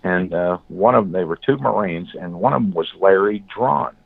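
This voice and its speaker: A man guest in an interview, telling blunt, animated stories and acting out what others said. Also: deep voice, moderate pace, gravelly, no echo. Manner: blunt, animated storyteller, acts out quotes. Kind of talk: storytelling in an interview. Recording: phone-like, dry call audio.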